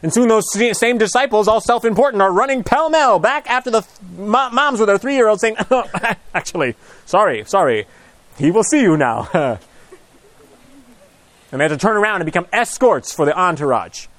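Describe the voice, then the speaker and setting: Male preacher, high bright pitch, dry close sound, animated storyteller who drops to near whispers. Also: moderate pace, no room sound. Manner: animated, acts out gospel scenes with shifting pitch and hushed lines. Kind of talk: storytelling sermon.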